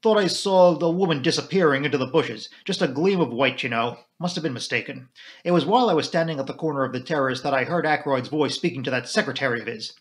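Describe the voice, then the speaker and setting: A man voicing a gruff middle-aged army major who talks in clipped, terse phrases. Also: medium pitch, quick pace, lightly acted. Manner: clipped, terse, drops sentence subjects.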